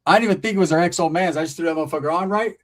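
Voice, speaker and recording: A man with a slightly raised voice, hosting a laid-back streamed chat show. He tells his stories in loose, profane street slang, full of asides and animated turns. He grew up in Northern California. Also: on the high side, rapid-fire. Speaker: podcast host. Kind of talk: casual storytelling chat. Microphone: streaming setup.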